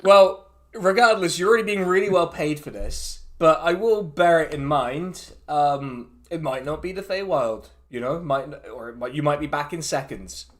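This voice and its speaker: A man's voice: on the high side, normal speed. An English man narrating as dungeon master in a laid-back way, laughing often. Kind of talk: narrating a tabletop game.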